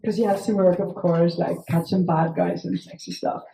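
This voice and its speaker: A woman's voice: fairly low pitch, fairly even intonation, normal speed, creaky, a crowd in the background. A woman telling a wild personal story in a casual, rambling way, swearing freely and dropping fillers; English is not her first language. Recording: echoey room, faint noise.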